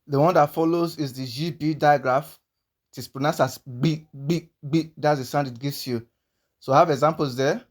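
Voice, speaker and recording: Male language teacher, slightly high voice, patient and repetitive drilling of sounds. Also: fairly even intonation. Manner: slow and patient, repeating sounds many times. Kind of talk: pronunciation lesson.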